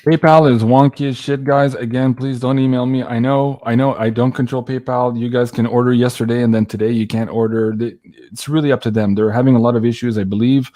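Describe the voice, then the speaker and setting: Guy hosting a live stream, chatty, lots of uhs, laughs a lot, mid-pitched voice. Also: warm tone. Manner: chatty, laughs often, many fillers. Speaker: host. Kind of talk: casual live-stream chat.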